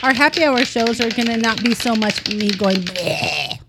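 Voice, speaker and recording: A woman's voice: on the high side, brisk, heavy background noise. An older woman co-hosting a casual drinking chat, joking and teasing playfully. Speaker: co-host.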